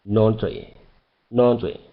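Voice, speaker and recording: A man's voice: fairly low pitch, fairly even intonation, slow pace, narrow, tinny audio. A man answering as a student in a language class, hesitant with many fillers.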